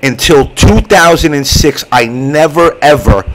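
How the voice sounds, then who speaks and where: The recording is rough, and the host's voice sits a little high as he unhurriedly works through a long story on his casual online show. He swears a lot and acts out voices as he goes.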